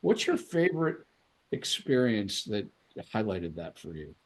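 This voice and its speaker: A man's voice: lowish voice, very animated, measured pace. A man hosting an interview podcast, asking questions and encouraging the guest. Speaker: podcast host.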